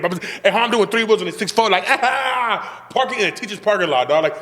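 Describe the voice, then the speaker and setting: A man's voice: sits high, expressive, fast talker, hardly any pauses, fairly bright tone, big-room sound. A young man hosting a casual chat, telling a boastful, profane, slang-heavy story. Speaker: podcast host telling a story.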